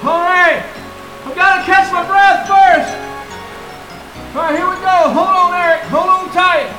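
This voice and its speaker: A brave rescuer in a family audio drama, urgent and encouraging. His voice sits very high, and loud music fills the background. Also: steady tone, a little slow, echoey room. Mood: straining. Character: brave adult man leading a flood rescue. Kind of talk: radio drama.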